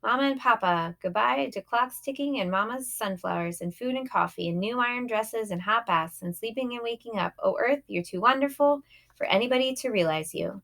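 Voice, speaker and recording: A woman voicing a teenage girl who speaks breathlessly and with heartfelt emotion, a bit higher than her own voice. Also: moderate pace, a bit bright, natural voice. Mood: tearful farewell.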